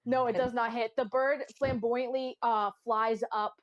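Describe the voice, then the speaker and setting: A woman's voice: fairly high pitch, fairly even intonation, measured pace, muffled recording. Woman game master, casual rambly narration, lots of ums. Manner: chatty, casual narration with fillers.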